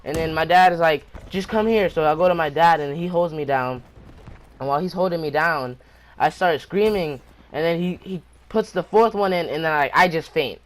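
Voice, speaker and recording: A man's voice: on the high side, normal speed. A man hosting his own channel, telling a personal story time tale in a rambling, breathless way, often restarting his sentences. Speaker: channel host.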